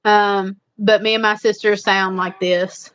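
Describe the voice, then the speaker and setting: A woman's voice: medium pitch, flat delivery, unhurried, a bit bright, smooth. A woman with a strong Eastern Kentucky Appalachian accent, chatting casually and at length to viewers as a livestream host. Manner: rambling, repetitive, chatty. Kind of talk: casual live chat.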